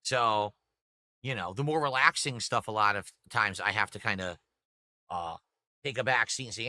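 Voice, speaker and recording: Bright-voiced man chatting on a livestream. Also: on the low side, moderate pace. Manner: rambling, talks to chat and reads out tips. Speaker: livestream host. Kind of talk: casual livestream chat.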